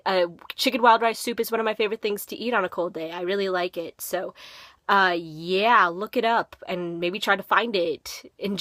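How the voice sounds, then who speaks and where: Bright-voiced teen girl with faint Minnesotan accent. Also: mid-range voice, dry recording. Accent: slight Minnesotan. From Minnesota, USA. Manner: rambling, filler-heavy, chatty. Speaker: vlogger. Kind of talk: casual talking-to-camera vlog.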